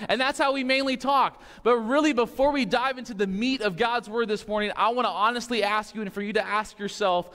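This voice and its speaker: A man's voice: high-pitched, brisk, hardly any pauses, fairly bright tone, long reverb tail. A man preaching a sermon in a church sanctuary, casual and conversational, often checking in with the congregation. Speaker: pastor.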